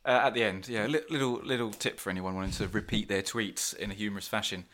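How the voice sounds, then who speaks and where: Brief: male podcast co-host, bright forceful tone, halting delivery. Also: on the low side. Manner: hesitant, lots of ums and restarts. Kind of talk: casual banter.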